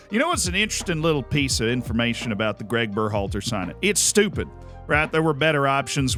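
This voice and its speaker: A young American man streaming live, chatting casually and answering viewer messages with animated, joking replies and quick restarts. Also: medium pitch. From United States.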